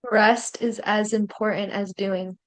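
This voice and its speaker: Slow-speaking calm woman guest. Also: medium pitch. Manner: calm, brief, unhurried replies. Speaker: guest, psychotherapist. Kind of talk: interview answers.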